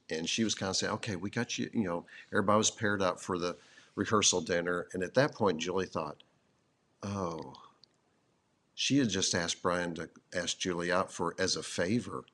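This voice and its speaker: A middle-aged man with a very low voice recounts his side of a love story. He sounds easygoing and wry, with small fillers as he talks. The telling stays relaxed and unhurried.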